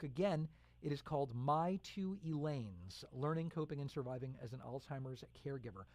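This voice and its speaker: A man hosting a radio interview, heartfelt and quick with affirming interjections. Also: fairly high pitch, no room sound. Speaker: radio host.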